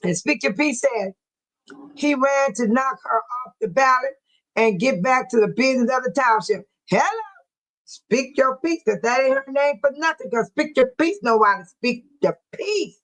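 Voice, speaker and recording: A woman's voice: sits high, lively intonation, normal speed, a bit bright, low-quality recording. A middle-aged woman hosting a casual livestream, chatting and teasing her viewers by name. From Dolton, Illinois area. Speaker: livestream host. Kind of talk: casual livestream chat reading viewer comments.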